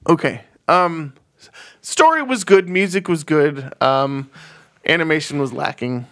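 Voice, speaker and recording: A man's voice: a little high, animated, a little slow, fairly bright tone. A man co-hosting a movie podcast in a loose, rambling, laughing chat. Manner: laid-back, rambling, laughs often. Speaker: podcast co-host. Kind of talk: casual chat.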